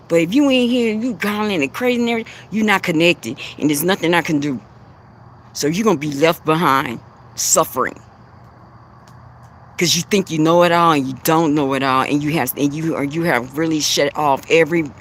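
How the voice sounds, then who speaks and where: A woman's voice: sits low, slight background noise. A woman giving an impassioned spiritual talk as a livestream host, preachy and repetitive. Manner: passionate, preachy, repeats herself.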